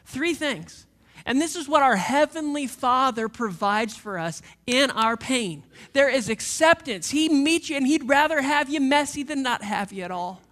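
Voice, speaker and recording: A man in his thirties preaching a sermon as a pastor, passionate and repetitive, dropping from loud emphasis to hushed near-whispers. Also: extremely high pitch, lively intonation, normal speed.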